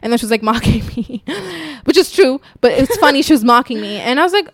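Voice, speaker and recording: A woman's voice: on the high side, lively intonation, fast, no echo. A young woman hosting a podcast, telling stories in a blunt, profane, laughing way. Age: young adult. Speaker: podcast host. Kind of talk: casual podcast chat.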